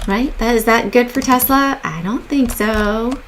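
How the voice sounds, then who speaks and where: A woman's voice: fairly high pitch, measured pace, a bit bright, a little hiss or hum. A woman hosting a casual stock market livestream, chatty and upbeat, greeting viewers in the chat as she talks.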